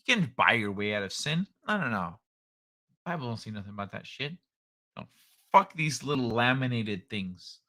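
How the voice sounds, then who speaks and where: A man's voice: medium pitch, big pitch swings, moderate pace, bright, forceful tone. A man hosting a live stream, chatting loosely and profanely in a rambling, joking way. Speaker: streamer host. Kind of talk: casual live-stream chat.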